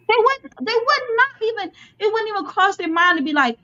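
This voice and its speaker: A woman's voice: very high-pitched, brisk, hardly any pauses. A woman hosting a casual talk show, telling stories expressively. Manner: expressive storyteller. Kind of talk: casual chat. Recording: slightly dull lo-fi sound.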